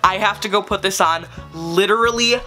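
Woman doing an unboxing vlog, super gushy and excitable, bright lowish voice, faint music in the back. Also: normal speed. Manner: gushing and excitable, with many exclamations. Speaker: vlogger.

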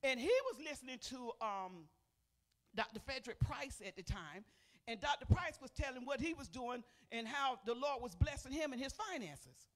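An older woman pastor giving a testimony sermon to a congregation in a church. She talks in a folksy way, calling out to the people, and swings between loud emphatic bursts and soft murmurs. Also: sits high, lively intonation, normal speed. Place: church sanctuary.

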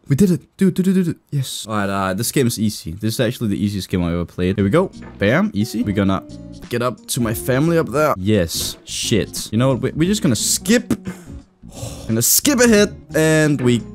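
A young man commentating his own gameplay, getting frustrated and cursing often with sudden excited outbursts. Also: medium pitch, moderate pace, soft background music. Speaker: gaming video host. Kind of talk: let's play commentary.

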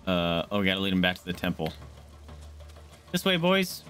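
A man streaming a game, chatting casually and shouting and swearing at enemies, with game music behind. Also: low voice, moderate pace. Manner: excitable, yelling and swearing at enemies. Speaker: gaming streamer. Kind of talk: casual let's-play commentary.

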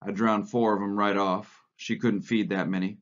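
A man reading the part of a calm, dignified male mule driver who speaks matter-of-factly. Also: lowish voice, moderate pace, close to an everyday voice. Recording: lo-fi recording.

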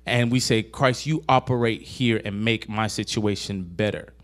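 In a church hall, a man with a lowish voice speaking at normal speed gives a casual, conversational sermon to a young adult group. He asks the audience questions and recounts scenes from films.

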